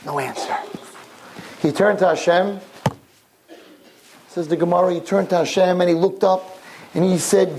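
A man delivering a sermon in a high voice that swings widely as he tells a story. He uses dramatic storytelling and hammers his points home with emphatic repetition. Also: animated, normal speed, pauses often, poor audio. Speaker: religious teacher addressing girls.

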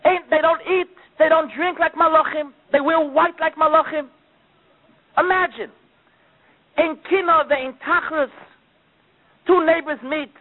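A man giving a sermon with dramatic storytelling, his delivery swinging between loud outbursts and hushed asides. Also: very high voice, fairly even intonation, a little slow, pauses often. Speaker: preacher. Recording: tinny phone-like recording.

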